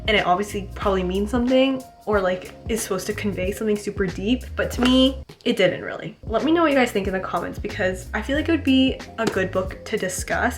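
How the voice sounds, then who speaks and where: Chatty young woman vlogging about books. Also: medium pitch. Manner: chatty, says "like" constantly, swings from deadpan to exasperated. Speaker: book vlogger. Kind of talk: casual vlog commentary.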